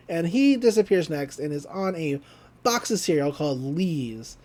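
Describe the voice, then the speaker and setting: A podcast co-host rambling through an episode recap, laughing often and breaking into the lines. The pitch swings widely through every sentence, sitting at a middle level. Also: expressive, moderate pace, a little mellow.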